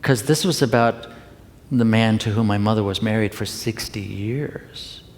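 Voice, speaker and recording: A minister preaching in a reverberant hall. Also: male voice, on the low side, measured pace, a little mellow. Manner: conversational, confessional, with playful asides to the congregation. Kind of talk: Sunday talk sermon. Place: church sanctuary.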